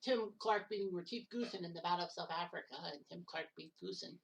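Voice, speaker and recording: Sitting at a distance from the mic, a woman with a fairly low voice talks quickly as she commentates on results from a simulated golf match-play event. Her solo commentary is casual, with jokes on the side, fixes for muddled names, and the occasional curse.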